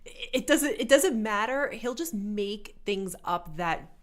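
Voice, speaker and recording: A woman's voice: medium pitch, expressive, takes it slowly. A woman guest on a podcast, telling a story in casual chat and acting out the quoted dialogue.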